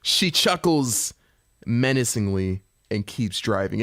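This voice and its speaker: Lively high-voiced young man telling a story. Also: moderate pace. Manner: expressive, playful slang. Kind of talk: animated comedic storytime narration.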